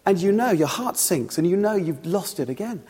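A man's voice: sits high, expressive, moderate pace, dark tone, breathy edge. A man preaching a sermon, telling the story and illustrating it with everyday examples. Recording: long reverb of a large hall.

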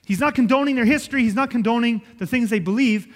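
A man's voice: extremely high pitch, fast talker, few pauses, big-room sound. A man preaching a sermon, emphatic and conversational, often checking in with his listeners. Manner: emphatic, repeats and checks in with "okay?".

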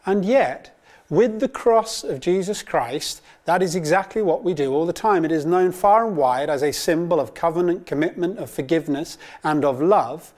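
A man's voice: on the high side, darkish tone. A man, giving a Bible course talk in an earnest, storytelling way with personal anecdotes. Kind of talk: sermon-style teaching talk.

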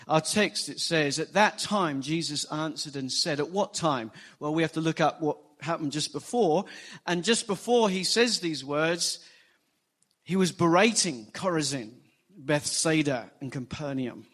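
A man preaching a sermon, animated and emphatic, acting out quoted lines. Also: a little high, measured pace. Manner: animated preaching, rising emphasis, quotes scripture in acted voices. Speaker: pastor.

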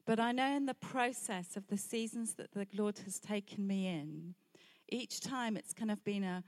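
A woman's voice: mid-range voice, normal speed, a little mellow. A middle-aged woman preacher sharing a candid personal testimony in a sermon, telling her story with light laughs between points.

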